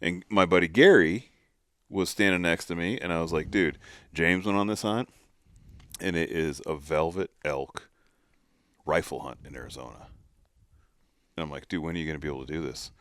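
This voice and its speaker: Deep-voiced man telling a lively story. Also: normal speed, long pauses, dry recording, clean studio sound. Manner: animated storyteller, acts out quotes. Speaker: podcast co-host. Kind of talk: casual storytelling chat.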